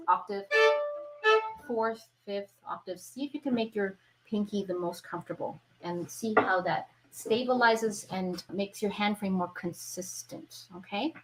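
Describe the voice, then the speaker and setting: A woman's voice: medium pitch, normal speed, loud music behind the voice, poor audio. A woman teaching an online violin lesson, who explains patiently and keeps checking in with her viewers. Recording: violin playing between phrases.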